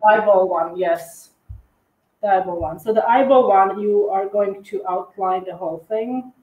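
A woman's voice: medium pitch, phone-quality sound. Woman chatting thru a cookie decorating stream, lots of ums n restarts, roomy sound. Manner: halting, many fillers and restarts. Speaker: cookie decorating livestream co-host. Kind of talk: casual tutorial chat while decorating.

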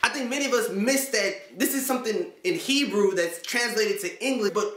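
High-voiced man, slangy casual talk. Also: normal speed, a bit bright, slight background noise. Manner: conversational, slangy, often asks "right?". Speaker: Christian video host. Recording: echoey room.

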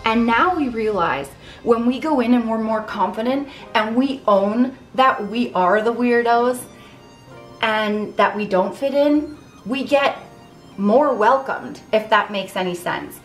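A woman's voice: on the high side, slow. A young adult woman talking candidly to camera in a casual vlog, earnest and reflective. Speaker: vlogger. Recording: echoey room with faint music.

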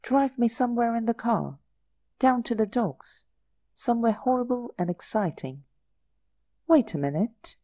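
A woman's voice: fairly high pitch, lively intonation, unhurried, pauses often, warm tone, no room sound, voice pushed up. A woman reading the part of an impulsive, thrill-seeking young society lady, in a coaxing, breathless manner. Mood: restless.

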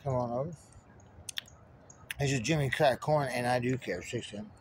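A man's voice: mid-range voice, normal speed, background noise. Man rambling and muttering number codes. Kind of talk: stream-of-consciousness monologue.

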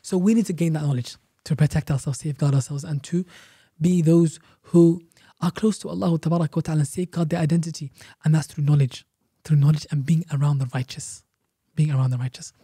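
A man's voice: on the high side, fairly even intonation, quick pace, warm tone, husky, dry recording, clean studio sound. A man, an Islamic teacher guest on a podcast, explaining a religious story emphatically with rhetorical questions and repeated phrases.

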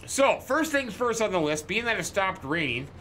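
A man hosting a farming game video, chatting in character with folksy, jokey storytelling and quick exclamations. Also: high-pitched, big pitch swings, pushed and bright, slight background noise. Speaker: gaming channel host. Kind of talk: in-character let's-play commentary.

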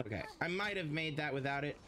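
A man's voice: a little high, expressive, fast, bright, forceful tone. Chatty man streaming a game, noisy mic. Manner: chatty, rambling, swears freely. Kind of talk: casual gameplay commentary.

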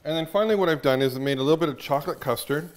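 A man's voice: a little high, racing. A man hosting a casual cooking show, chatting upbeat while he cooks in a kitchen.

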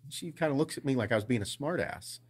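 A man co-hosting a podcast, chatting casually and telling animated, profanity-heavy stories about his family. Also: medium pitch, fast talker, breathy edge. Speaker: podcast co-host. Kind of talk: casual chat.

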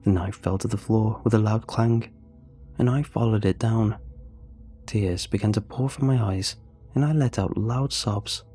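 Husky, mellow male horror narrator. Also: fairly low pitch, unhurried, faint music behind.

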